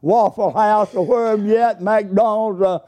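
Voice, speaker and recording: A man's voice: high-pitched, steady tone, moderate pace. A man preaching a sermon, telling folksy stories and rising into bursts of praise. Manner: folksy storytelling, rising to exuberant shouts of praise. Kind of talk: sermon with storytelling.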